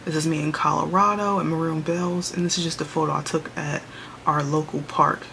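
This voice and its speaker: A woman's voice: sits low, steady tone, brisk, vocal fry, fairly bright tone, a little hiss or hum. Chatty young woman vlogging from her room. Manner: chatty, upbeat, uses y'all. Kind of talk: casual vlog chat. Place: small bedroom home office. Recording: music playing underneath.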